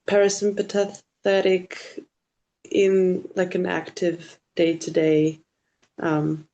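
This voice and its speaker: Female participant, slow and tentative, low, level, mellow voice. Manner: hesitant, many fillers. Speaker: workshop participant asking a question.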